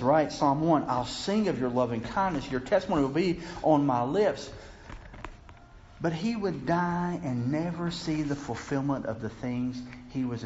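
A man preaching a sermon with an earnest, searching delivery that swells into impassioned pleading over scripture. His voice sits at an ordinary middle pitch. The recording is a little dull and lo-fi, with faint room ambience behind him. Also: slight background noise.

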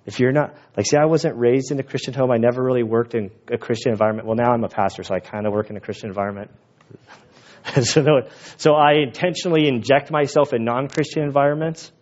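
A man preaching as a pastor, conversational and animated, with quick asides. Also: medium pitch. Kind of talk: sermon. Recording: dull lo-fi recording.

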